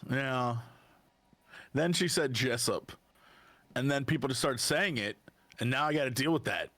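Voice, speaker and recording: A man's voice: mid-range voice, measured pace, a bit bright, no echo. A man hosting a podcast, riffing and joking playfully with his guests. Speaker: podcast host. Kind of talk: casual chat.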